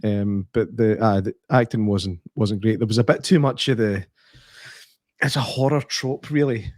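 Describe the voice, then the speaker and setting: A Scottish man chatting casually on a film podcast, animated and sweary as he tells stories. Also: lowish voice, normal speed, no echo, studio quality. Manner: animated, swears and laughs while telling anecdotes. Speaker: podcast co-host. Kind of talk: casual film review chat.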